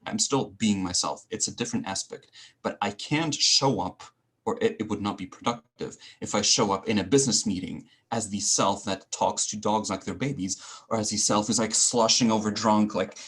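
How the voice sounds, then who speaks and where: A man who coaches public speaking, a guest in an interview, talking in an animated, ranting way with self-mocking humor. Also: on the low side, moderate pace, slightly rough. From Switzerland and Greece. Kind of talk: conversational interview.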